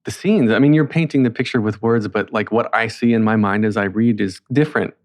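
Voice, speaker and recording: A man's voice: on the low side, a little fast. A man hosting a podcast, asking questions in a casual, thoughtful way. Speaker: podcast host. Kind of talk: conversational interview.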